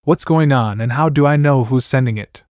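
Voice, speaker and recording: A man's voice: medium pitch, moderate pace, darkish tone, no echo, natural voice. A flustered young heroine's inner thoughts, exasperated and curious, read by a man close to his own voice. The reading is dry and close.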